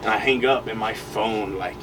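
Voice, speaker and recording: A man's voice: fairly low pitch, moderate pace. A young man co-hosting a podcast, telling a long story in a rambling, slangy way full of fillers. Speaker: podcast co-host. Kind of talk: casual storytelling chat. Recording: distant mic with noise behind.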